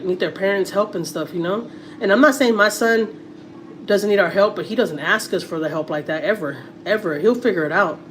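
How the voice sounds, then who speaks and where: A woman's voice: on the low side, slight background noise. A middle-aged woman with a Texas accent chatting casually to viewers on a family livestream, repeating words and using many fillers.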